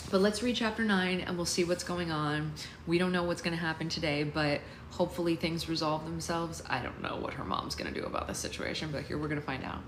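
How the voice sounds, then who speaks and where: Lady host reading a book out loud to her club, low-ish voice, echoey room. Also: a little hiss or hum. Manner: chatty, laughs at the text, asides to listeners. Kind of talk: casual read-aloud with chat.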